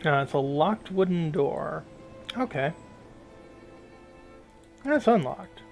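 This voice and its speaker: Brief: man hosting a let's play, quiet, hesitant, gravelly, slightly high voice. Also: lively intonation, slow pace, faint music behind, rough recording. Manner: soft-spoken, hesitant with fillers. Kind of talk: casual game commentary.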